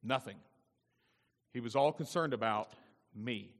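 A male pastor preaching a sermon, repeating his points and swinging between loud emphasis and quiet intensity. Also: mid-range voice, measured pace. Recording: long reverb of a large hall.

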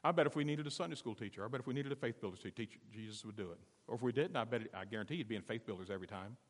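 A man preaching a sermon to his church, asking the congregation questions and swinging between quiet and loud passages. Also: fairly low pitch, lively intonation, racing, long reverb tail. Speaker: pastor. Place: church sanctuary.

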